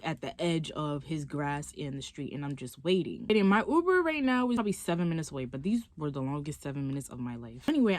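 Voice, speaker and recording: A woman's voice: low-pitched, no echo. Chatty young woman telling a story. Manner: animated, chatty storytelling with lots of "like". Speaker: vlogger. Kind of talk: casual storytime.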